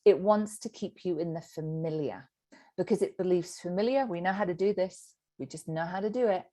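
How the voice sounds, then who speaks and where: A woman's voice: on the low side, fairly quick. A middle-aged woman, a sobriety coach teaching a group session and acting out the inner voice. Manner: animated, acts out inner voices.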